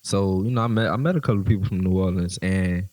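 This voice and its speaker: A young adult man, a college student co-hosting, chatting in a relaxed, easygoing way. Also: low voice, quick pace. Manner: relaxed, easygoing, lots of "you feel what I'm saying". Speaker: podcast host, college student. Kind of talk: casual chat.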